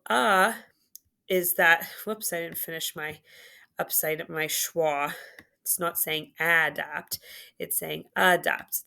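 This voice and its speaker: Here a low, creaky, sharp-toned female voice leads a phonics lesson. Her enunciation is slow and patient as she draws out words and syllables.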